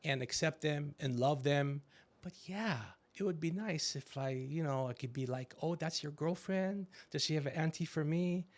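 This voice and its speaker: A middle-aged man hosting a podcast, telling stories in a casual comedic chat and acting out quotes with animated voices. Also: on the high side, moderate pace. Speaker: podcast host.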